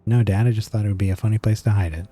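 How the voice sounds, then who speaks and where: Guy doing a chatty little boy on the radio, quick and eager. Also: fairly low pitch, fairly even intonation, mellow, natural voice. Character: curious young boy on an old radio.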